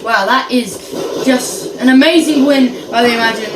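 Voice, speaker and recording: A woman giving playful, excitable mock race commentary on a video game, sometimes singing her calls. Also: a little high, moderate pace, echoey room, far from the mic, a little hiss or hum.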